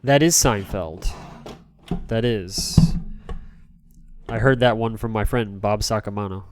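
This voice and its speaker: A man's voice: lowish voice, slow, music in the background. A man streaming live as he cleans a game console, rambling in a jokey way and answering chat.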